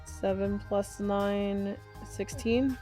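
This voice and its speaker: A tired woman playing a tabletop game speaks very slowly and works through her dice sums aloud. Her pitch sits in the middle, and she sounds unhurried the whole way through. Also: steady tone, faint music behind. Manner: unhurried, tallies dice out loud. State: tired, yawning. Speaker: player. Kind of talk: tabletop game play, casual chat.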